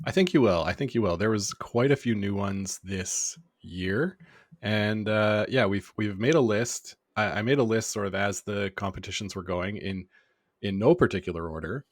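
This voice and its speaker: A man co-hosting a podcast in casual chat, stuffed up with a cold and speaking in a relaxed, hesitant way. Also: fairly low pitch, moderate pace, no room sound, studio quality. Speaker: podcast co-host.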